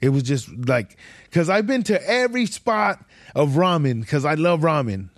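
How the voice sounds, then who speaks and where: Profane, excitable young man. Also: a little high, normal speed, no echo, clean studio sound. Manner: slangy, profane, rambling, excitable. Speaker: podcast host. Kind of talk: casual storytelling monologue.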